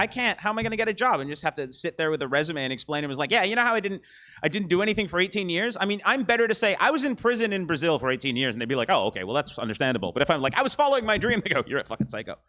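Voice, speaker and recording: A man's voice: high-pitched, bright, forceful tone. A man doing loose, self-deprecating stand-up banter, swearing and laughing at his own jokes. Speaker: stand-up comedian. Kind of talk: casual comedy banter and silly impressions.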